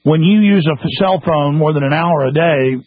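A man hosting a radio show, delivering an exasperated, rambling monologue with sudden swings in pitch, heard through tinny phone-like radio audio. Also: normal speed, dry recording.

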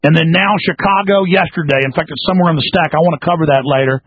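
A man hosts a talk radio show in a high, husky voice, ranting fiercely. He lurches from shouting to low, mocking murmurs. The sound is dry and thin, like it comes down a phone line. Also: fast, dry recording. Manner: fiery ranting, swings between shouting and low mocking tones.

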